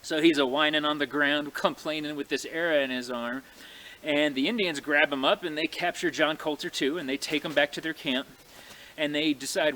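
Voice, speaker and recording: A man telling a frontier tale in a folksy, animated way, speaking to his audience outdoors in snowy woods. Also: on the high side, fairly quick, a little hiss or hum. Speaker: living history storyteller. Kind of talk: folksy oral storytelling.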